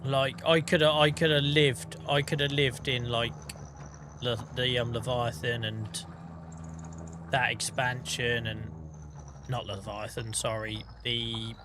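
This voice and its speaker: A man's voice: medium pitch, level tone, slow pace, background noise. A man streaming a farming game, chatting casually in a rambling, self-deprecating way with the odd swear. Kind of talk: casual gaming stream chat.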